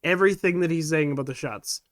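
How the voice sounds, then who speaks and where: A man's voice: fairly high pitch, fast talker. A man with a scratchy voice co-hosting a casual opinion podcast, blunt and scornful. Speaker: podcast co-host.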